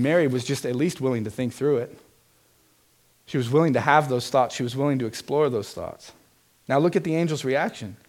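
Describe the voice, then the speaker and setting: A man preaching a sermon as pastor, earnest and emphatic, putting direct questions to his congregation. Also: high voice.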